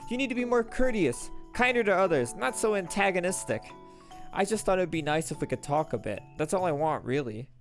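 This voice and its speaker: A man's voice: sits high, expressive, fairly quick, soft background music, voice pushed up. A man putting on a flustered young woman. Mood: pleading. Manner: stammering, pleading. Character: earnest young foreign woman, flustered and polite.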